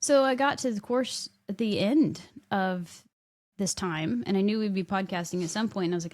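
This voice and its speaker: A woman's voice: medium pitch, moderate pace, darkish tone. A middle-aged woman co-hosting a podcast, telling a story in casual chat and laughing as she goes. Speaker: podcast co-host.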